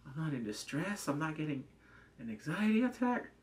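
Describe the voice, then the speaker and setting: Man, casual drama review, slightly high voice, very lively pitch, chatty, many fillers. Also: moderate pace. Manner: animated, chatty, acts out scenes in put-on voices, many "like" fillers. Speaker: drama reviewer, channel host.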